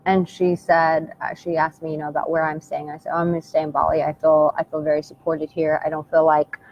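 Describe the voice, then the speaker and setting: An American woman who works as a dating and relationship coach speaks a little fast in a low voice with little pitch movement, giving a heartfelt, intimate motivational talk to the camera. She repeats her phrases and calls the listener "my darling." The recording is dull and lo-fi with faint background hiss.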